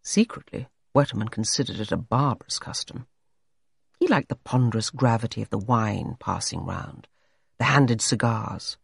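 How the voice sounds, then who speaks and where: A man's voice: on the low side, animated, normal speed, creaky, breathy edge, no room sound, studio quality. A man narrating a story in a scripted, dramatic reading style. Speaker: audiobook narrator.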